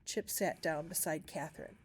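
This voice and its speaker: A woman reading a novel aloud for a school class, narrating calmly with small shifts of voice for the characters. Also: deep voice, normal speed, husky. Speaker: reader.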